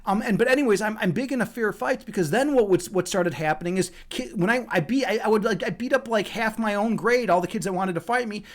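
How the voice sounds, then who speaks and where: A man's voice: high voice, fast talker, few pauses. An American man hosting a livestream, chatting casually and reading out viewer comments, swearing often and rambling with lots of restarts. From USA. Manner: profane, rambling, many restarts. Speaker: livestream host.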